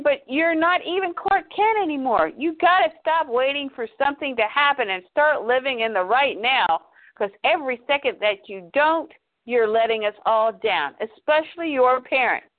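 Woman doing a blunt, scolding grown man; high voice, phone-line sound. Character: scornful grown man lecturing an old friend.

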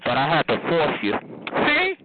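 A man trash-talking a caller on a phone chatline, sassy and taunting with a drawn-out delivery. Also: a little high, wildly swooping pitch. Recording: tinny phone line with noise.

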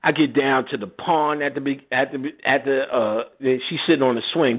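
A man's voice: medium pitch, fairly quick, few pauses, slightly rough. A man hosting a radio show, telling a profane story in casual chat and acting out the people in it, laughing often. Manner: animated, laughing, acts out quotes in voices. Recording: phone-line audio.

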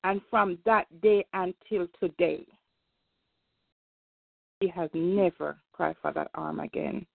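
Speaking slowly with long pauses, this older grandmother uses a lowish voice with vocal fry to tell a faith story on a community call. She is a call participant offering earnest, emphatic testimony in a casual storytelling manner. The audio is dry and comes over a tinny phone line.

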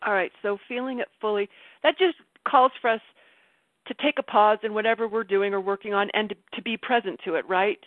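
A woman leading a casual group call, animated and self-mocking, laughing often as she talks. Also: mid-range voice, brisk, dry recording. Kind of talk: casual group coaching chat. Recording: tinny phone line, dry.

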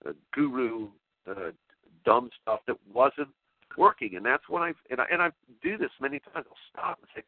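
A male talk show host in a rambling spoken monologue, excitable and emotional, often restarting his sentences. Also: mid-range voice, moderate pace, no echo. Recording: tinny phone-line sound, dry.

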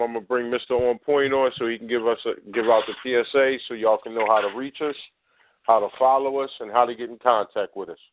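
A talk radio co-host gives casual commentary on a call-in show, speaking straight to listeners in a conversational, emphatic way. His medium-pitched voice is dry with no room sound, coming through a thin, tinny phone line.

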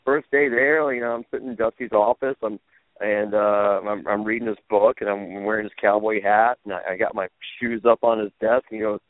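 A man guest telling wrestling-world stories in a casual interview, animated and laughing, acting out quotes in raised voices. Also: fairly low pitch, a little fast, no echo. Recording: tinny phone-like line, dry.

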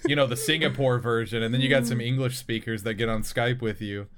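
A man's voice: medium pitch, steady tone, a little fast, a little hiss or hum. Young man telling rambling gaming jokes. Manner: joking storyteller, loose rambling delivery. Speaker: podcast co-host. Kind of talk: casual gaming chat.

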